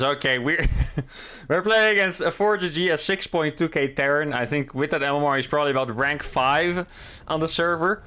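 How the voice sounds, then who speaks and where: A man's voice: mid-range voice, a bit bright, clear, resonant tone. A man casually commentating his own match as he plays, thinking aloud in a chatty, upbeat way. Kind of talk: casual live game commentary.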